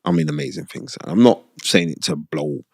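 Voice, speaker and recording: A middle-aged man, a podcast guest, telling stories in an animated, rambling, streetwise way with a lot of repetition. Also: sits low, normal speed, gravelly, dry recording, clean studio sound. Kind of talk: casual storytelling interview. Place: podcast studio.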